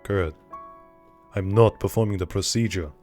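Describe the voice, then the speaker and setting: A man's voice: low-pitched, moderate pace, darkish tone, faint music behind, close to an everyday voice. A man voicing a cautious male doctor in a horror game who objects to a risky procedure. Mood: reluctant. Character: wary, reluctant male doctor.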